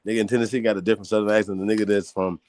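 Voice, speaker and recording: A man hosting a casual podcast, talking in a heated, profane, excitable way and jumping up high in pitch when he gets riled. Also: racing. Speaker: host.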